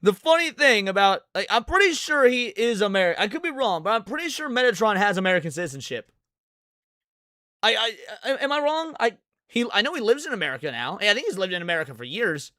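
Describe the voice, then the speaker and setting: Male co-host, high tense voice, excitable chatter, dry close mic. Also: fast talker, no echo. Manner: excitable, rambling. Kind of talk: casual chat.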